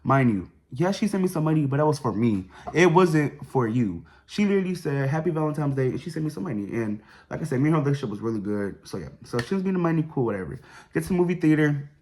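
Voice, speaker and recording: A young man telling a personal story to his viewers in a chatty, slangy way, dropping fillers like "boom" and "whatever". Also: very animated, fast talker, darkish tone. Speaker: vlogger. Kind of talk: casual storytime.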